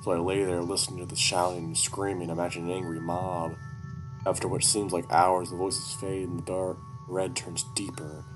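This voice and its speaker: A man reading a first-person horror story aloud at a steady, even pace. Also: sits low, moderate pace, music in the background. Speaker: audiobook narrator.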